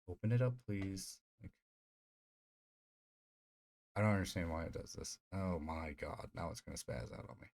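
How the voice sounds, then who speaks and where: A man's voice: deep voice, measured pace, pauses often, darkish tone. A man streaming live, chatting casually in a rambling, profane way full of fillers. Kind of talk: casual livestream chat.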